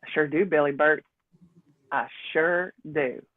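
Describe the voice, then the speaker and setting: A woman's voice: low voice, steady tone, a little slow, no room sound, voice pushed down. A woman doing a gushing, flirty wife swooning over her husband. The sound is thin and phone-like, dry with no room. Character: giddy, adoring wife. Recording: tinny phone-like line.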